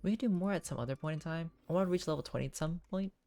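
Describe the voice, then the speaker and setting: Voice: mid-range voice, very fast, creaky, warm tone. A streamer casually chatting through a story game and poking fun at themselves while reading along. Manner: chatty, self-mocking, reads game text aloud with laughs. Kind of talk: casual gameplay commentary.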